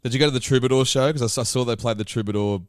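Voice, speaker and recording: A man's voice: medium pitch, racing, clean tone, no room sound, clean studio sound. An Australian man hosting a podcast interview, asking rambling questions with frequent restarts. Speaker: podcast host. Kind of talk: casual interview.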